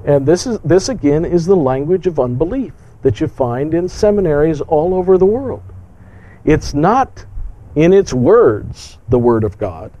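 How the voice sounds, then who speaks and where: Emphatic preacher man, mellow voice. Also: a little high, animated, measured pace, highs cut off. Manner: emphatic, rhetorical questions. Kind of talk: sermon.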